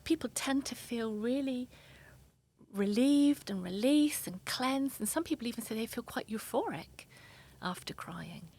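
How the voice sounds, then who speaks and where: Breathy husky lady therapist, soft earnest explaining in an interview. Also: a little high, expressive, measured pace. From England. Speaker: therapist guest.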